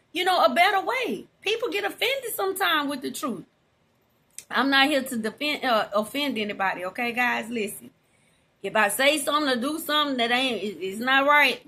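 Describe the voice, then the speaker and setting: A middle-aged Southern woman with a high, bright voice talks straight to her followers. She is folksy and chatty, calls them y'all and laughs easily, with a voice that rings and sits up high. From Louisiana, USA. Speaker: vlogger. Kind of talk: casual direct-to-camera talk.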